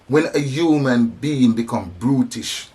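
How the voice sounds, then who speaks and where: Preaching passionately about compassion, this man of African descent repeats himself emphatically and restarts his lines as he speaks on religion and society. His mid-range voice is dark and slightly rough, with lively intonation and a slightly slow pace.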